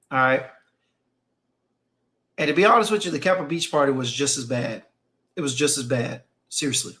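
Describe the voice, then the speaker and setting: A man whose voice is on the high side and a bit bright hosts a stream, reading chat and telling casual stories. He speaks emphatically and often repeats phrases for effect.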